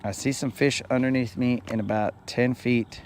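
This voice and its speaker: A man's voice: mid-range voice, steady tone, normal speed, a little hiss or hum. A middle-aged man hosting a fishing livestream from a boat on a lake, chatting and joking with viewers in a rambling way. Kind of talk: casual live-stream chat.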